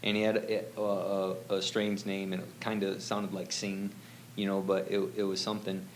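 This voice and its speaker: A man telling his own story in a relaxed, rambling way, full of fillers and quoted lines. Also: low-pitched, moderate pace, slight background noise, poor audio. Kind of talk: casual storytelling.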